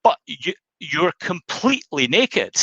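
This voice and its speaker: Husband, bluff, stiffly polite, man's own fairly low voice, bright crisp tone, dry close mic. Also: brisk, dry recording, lo-fi sound. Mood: outraged. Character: suspicious middle-aged husband, polite then outraged.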